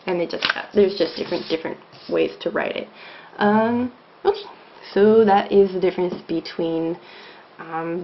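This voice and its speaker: A woman's voice: fairly low pitch, creaky. Chatty woman teaching with many ums. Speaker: language teacher. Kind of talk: casual video lesson. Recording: dull lo-fi home video, faint hiss.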